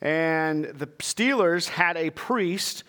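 Speaking extremely slowly in a fairly high, sharp-toned voice, a Texan pastor delivers a sermon. He reads from scripture and then sincerely unpacks it for the congregation.

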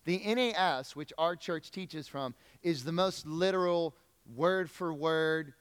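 A man's voice: on the high side, measured pace, smooth, big-room sound. A man preaching a conversational sermon, talking directly to the congregation and asking them questions. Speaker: pastor. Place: church sanctuary.

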